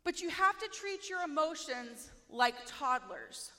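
Animated high-voiced woman preacher. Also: a little slow, long reverb tail. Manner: animated, playful, self-mocking. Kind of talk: sermon.

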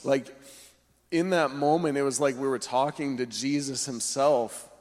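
A man pastor sharing a faith story in an earnest, heartfelt way, pausing to reflect. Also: medium pitch, fairly even intonation, a little mellow, long reverb tail. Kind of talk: telling a personal faith story.

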